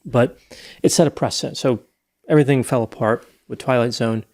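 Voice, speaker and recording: A man's voice: medium pitch, fairly quick, darkish tone. A man hosting a casual true-crime discussion, telling a case story at length. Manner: storytelling, recounting details at length. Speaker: podcast host.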